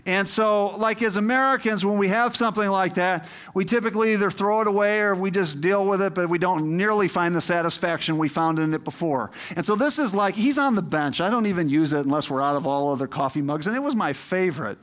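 High-voiced preaching pastor, conversational and rousing. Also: male voice, brisk, hardly any pauses, a bit bright. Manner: conversational, emphatic, builds to rousing appeals. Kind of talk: sermon.

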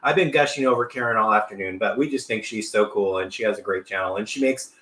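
A man's voice: lowish voice, fast, a bit bright, echoey room. A middle-aged man hosting a live cooking stream from his home kitchen, upbeat and chatty, reading viewer comments aloud. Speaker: cooking show host.

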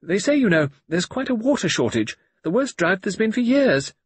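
A man reading an audiobook voices a nervous, animated lady who chatters quickly. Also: high-pitched, husky, dry recording, voice pushed up, exaggerated voice.

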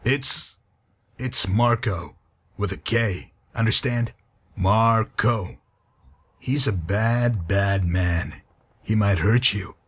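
A man voicing a gruff, grizzled wasteland guide in a video game, with a husky, dry and weary delivery. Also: fairly low pitch, takes it slowly, fairly bright tone, heavily acted. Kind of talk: game character dialogue.

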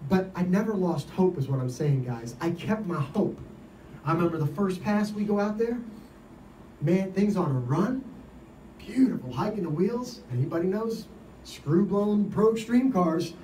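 A man giving an informal sermon, telling stories in an animated way and laughing often. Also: on the high side, reverberant, recorded from a distance, slight background noise, low-quality recording. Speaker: lay preacher. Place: event gathering.

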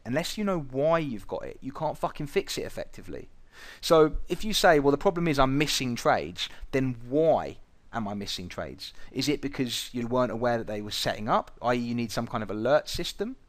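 Blunt, profane man teaching. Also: medium pitch. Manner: blunt and profane, lively storytelling. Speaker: trading educator. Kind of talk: recorded trading lesson with anecdotes.

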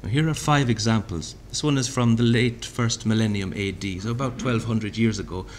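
A man reading a lecture aloud at a literary festival. He speaks deliberately, sounding out vowels and repeating lines he recites. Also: on the low side, slight background noise. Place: hotel function room.

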